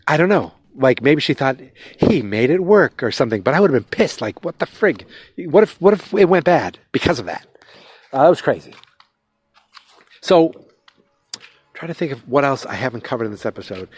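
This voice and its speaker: A man hosting a podcast, recapping a TV episode in a loose, rambling way and acting out quick quotes, recorded on a phone outdoors at night. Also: medium pitch, no room sound. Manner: rambling, retells scenes with quick quoted voices. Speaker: podcast host. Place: outdoors at night, fireworks nearby.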